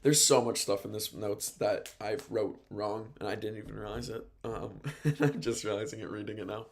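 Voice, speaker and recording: Man, radio host, gravelly low voice, chatty rambling recap. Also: steady tone, normal speed, slight background noise. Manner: chatty, rambling, laughs at own note mistakes. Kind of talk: casual wrestling recap from notes.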